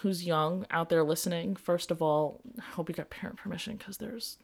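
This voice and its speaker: Woman, young adult, podcast host, earnest storyteller, fairly low pitch. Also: moderate pace, gravelly. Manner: earnest, storytelling, laughs easily. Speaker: podcast host and music teacher. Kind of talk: casual podcast chat.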